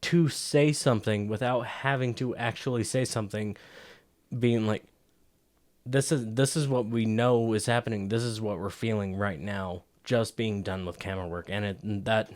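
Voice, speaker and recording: A man co-hosting a casual movie podcast explains film camera work at length, filling his speech with fillers and restarts. His voice sits on the low side with a darkish tone, and there is no room sound.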